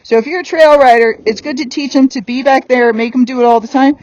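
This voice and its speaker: A woman's voice: high voice, fairly even intonation, fast, a little mellow, highs cut off. A woman horse trainer giving a hands-on lesson while working a horse on the ground, blunt and firm.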